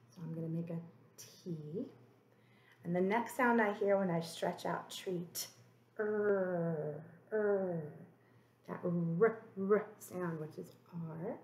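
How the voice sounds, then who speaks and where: A woman teacher leading an early-grade phonics lesson, slowly stretching out letter sounds in a gentle, encouraging way for young children. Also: medium pitch, reverberant. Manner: slow, drawn-out sounding of letters.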